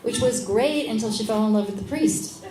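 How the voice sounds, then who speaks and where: A middle-aged woman, a midwife being interviewed, tells a story in a casual, animated way and acts out other people's lines. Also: a little high, normal speed, a crowd in the background. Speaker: guest, midwife. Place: event space at a lunch gathering. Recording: echoey room with background noise.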